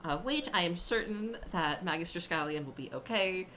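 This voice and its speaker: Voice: mid-range voice, lively intonation, moderate pace, pushed and bright. A game master voicing a timid young male attendant who stammers and pleads nervously. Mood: timid pleading.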